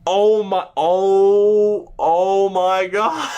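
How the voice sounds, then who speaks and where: A man commentating on a hockey video game, stunned and overexcited, swearing and laughing, his voice jumping high and refusing to come down. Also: animated, drawn-out words, warm tone, clear, resonant tone. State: overexcited, voice raised. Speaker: gaming YouTuber. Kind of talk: excited gameplay commentary.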